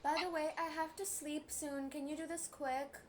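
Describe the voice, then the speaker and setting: A woman's voice: sits high, level tone, normal speed, very noisy. A young woman interjecting off camera with chatty, rambling asides. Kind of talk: casual chat.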